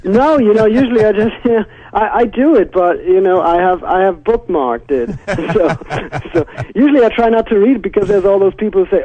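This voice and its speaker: A man's voice: high-pitched, lively intonation, normal speed, no room sound. A man with a German accent, a musician guest on a phone interview, talking chattily, laughing often and mocking himself. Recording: tinny phone line.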